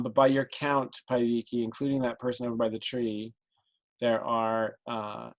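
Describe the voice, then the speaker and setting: A man narrating a tabletop game as game master, relaxed and filled with hesitations. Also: medium pitch. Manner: relaxed, many ums, describes the scene.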